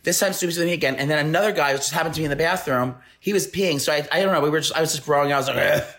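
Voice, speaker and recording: A man co-hosting a podcast, telling a story in an animated, casual way. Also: a little high, very fast. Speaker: podcast co-host. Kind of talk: casual chat.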